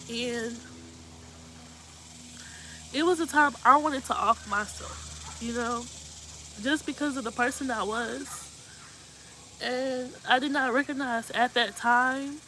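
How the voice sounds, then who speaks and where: Woman, talk-show host, earnest, emotional, heartfelt advice, fairly high voice, faint crickets behind. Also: sharp tone, a little hiss or hum, poor audio. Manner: earnest and emotional, repeating "you know what I mean".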